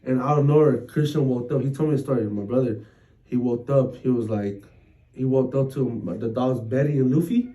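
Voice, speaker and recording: A man's voice: mid-range voice, normal speed, dark tone, recorded from a distance, rough recording. A man co-hosting a podcast, telling a scary story in rambling casual chat full of slang and swearing. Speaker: podcast co-host.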